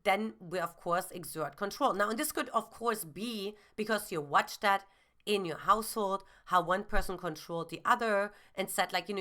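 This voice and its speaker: A woman's voice: mid-range voice, moderate pace, pushed and bright. A woman giving relationship advice as a dating coach, earnest and explanatory, with frequent "you know" fillers.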